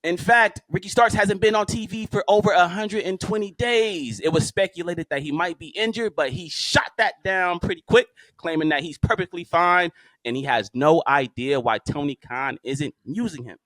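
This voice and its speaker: A man co-hosting a podcast, talking in a slangy, joking, animated casual chat. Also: high voice, moderate pace, dry recording. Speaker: podcast co-host.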